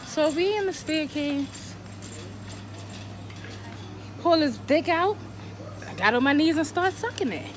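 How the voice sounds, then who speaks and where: A woman tells a personal story in a casual vlog, animated and profane, full of dramatic rhetorical questions. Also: high voice, slow pace, long pauses, noisy background. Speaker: vlogger telling a personal story.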